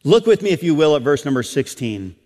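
A middle-aged male pastor preaching a sermon. He swings from loud, emphatic peaks down to soft, low passages. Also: big pitch swings, a little fast. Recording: long hall reverb.

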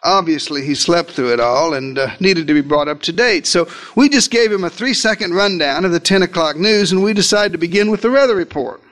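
A man preaches in a high, light voice, telling the story as if he were one of the disciples. He swings between loud, emphatic lines and hushed asides. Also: a little fast, few pauses. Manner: dramatic storytelling, speaking as a disciple. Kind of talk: sermon.

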